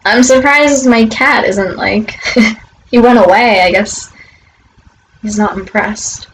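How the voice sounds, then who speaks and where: A woman's voice: mid-range voice, slow pace, a little hiss or hum, poor audio. A young woman chatting casually and rambling while she arranges flowers, with lots of fillers and free swearing. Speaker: vlogger.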